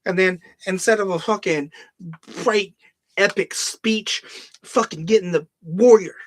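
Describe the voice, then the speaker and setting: A podcast host with a high-pitched voice talks at an unhurried pace. He rants in casual, heavily profane commentary, occasionally mocking movie lines in a put-on voice.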